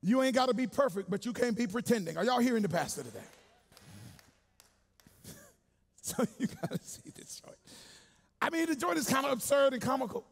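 A male pastor preaching a sermon in a church, colloquial and call-and-response, swinging from hushed asides to shouting. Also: extremely high pitch, sing-song, quick pace, vocal fry, pauses often.

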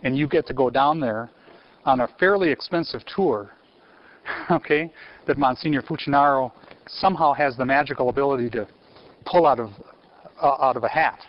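A man giving a university theology lecture in an animated way, quizzing his audience and restarting phrases. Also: medium pitch, normal speed, pauses often. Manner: animated, asks the audience questions, frequent restarts. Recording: muffled lecture recording.

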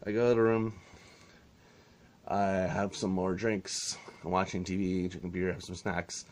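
A man's voice: sits low, flat delivery, a little slow. A man telling a story in a casual vlog, exasperated and sarcastic, swearing freely. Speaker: vlogger.

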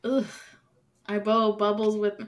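A woman's voice: medium pitch, completely flat delivery, slow, a little hiss or hum. A woman co-hosting a casual podcast, chatty and giggly, giving friendly advice. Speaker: podcast co-host. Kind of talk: casual chat.

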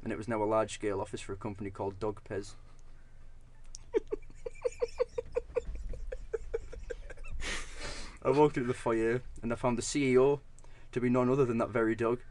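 A young man co-hosting a podcast, telling an absurd story in a deadpan way with halting restarts. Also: medium pitch, slight background noise. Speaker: podcast co-host.

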